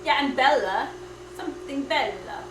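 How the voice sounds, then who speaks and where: A woman's voice: sits high, animated, normal speed. A woman cooking on a live stream at home, bantering playfully in a slangy way. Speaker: co-host, cooking. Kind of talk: casual live-stream chat. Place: home kitchen. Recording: echoey room, mic far off, background noise.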